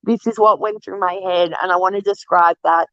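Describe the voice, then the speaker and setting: A woman's voice: lowish voice, fairly even intonation, brisk, fairly bright tone, no room sound, highs cut off. A woman from Australia with an Australian accent, chatting candidly as an interview guest, laughing often and swearing freely. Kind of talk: casual interview chat.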